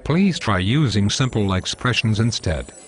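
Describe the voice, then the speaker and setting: A man's voice: fairly low pitch, lively intonation, a little slow. A male computer voice playing a legal writing coach who corrects plainly and matter-of-factly.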